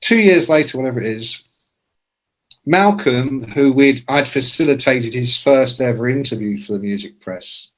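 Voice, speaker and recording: A man in his sixties, a music journalist, telling anecdotes as a podcast guest, casual and swearing, with loud imitations. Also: mid-range voice, moderate pace. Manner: animated anecdotes with shouted imitations. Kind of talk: casual storytelling.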